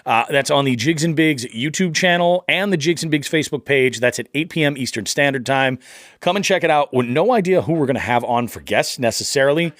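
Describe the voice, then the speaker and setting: A man's voice: a little high, animated, brisk, fairly bright tone, no room sound, studio quality. A middle-aged man hosting a fishing podcast, chatting upbeat and rambling with plenty of fillers. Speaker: podcast host. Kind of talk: casual fishing podcast chat.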